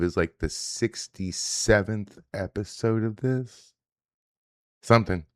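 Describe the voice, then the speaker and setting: A man's voice: deep voice, clean tone, dry recording, studio quality. A man hosting a daily reaction livestream, ranting in a profane, combative, casual way. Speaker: host. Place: indoors, home setup.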